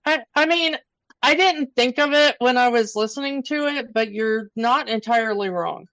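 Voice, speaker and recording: A woman co-hosting a casual fan podcast, giving unhurried, agreeable replies. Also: a little high, a bit bright, no room sound. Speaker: podcast co-host.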